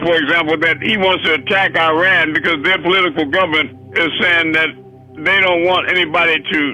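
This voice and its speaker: A man's voice: fairly high pitch, bright, forceful tone, low-quality recording. A man preaching a fiery sermon, swearing freely and hammering rhetorical questions. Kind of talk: impassioned sermon.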